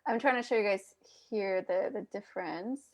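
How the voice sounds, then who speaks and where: A woman hosts a casual live video chat over a video call mic, speaking at a normal speed in a medium-pitched, slightly mellow voice. She's chatty, talks straight to her viewers and restarts her sentences often.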